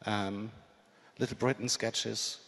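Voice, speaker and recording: A man, hosting an onstage interview in a soft-spoken, low-key way. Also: fairly even intonation, slow pace, gravelly. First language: German. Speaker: host. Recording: long conference-hall reverb.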